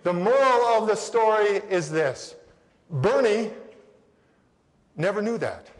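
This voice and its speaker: Brief: animated male keynote storyteller, higher voice, big-hall reverb. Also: slow. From Connecticut, USA. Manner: animated, acts out voices, addresses the audience directly. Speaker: motivational speaker. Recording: long reverb of a large hall.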